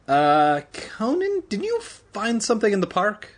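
A man's voice: high-pitched, wildly swooping pitch, a little slow, pitched above the performer's own voice, full character voice. A man voicing Evan, a whiny bitter boy. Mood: nervous. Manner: sarcastic, whiny. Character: bitter, put-upon teenage boy.

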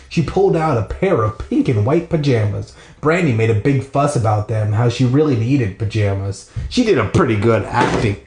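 A man's voice: medium pitch, darkish tone, reverberant. A man hosting a podcast, reading a children's book aloud with irreverent, profane comic asides, recorded in a bathroom.

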